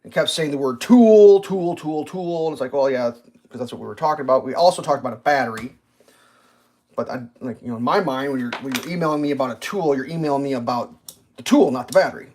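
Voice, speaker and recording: Guy ranting on his live stream, cussing a lot, fed up, chatty, normal pitch. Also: lively intonation, quick pace, a little mellow. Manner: profane, exasperated storytelling. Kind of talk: casual livestream rant.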